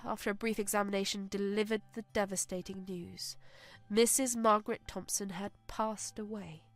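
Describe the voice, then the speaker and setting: A woman giving a scripted, solemn and measured story narration. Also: mid-range voice, no room sound.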